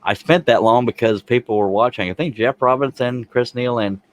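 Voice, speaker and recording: A man's voice: mid-range voice, moderate pace, poor audio. A man hosting a casual livestream chat, joking and rambling. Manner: joking, rambling, reads chat comments aloud. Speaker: show host.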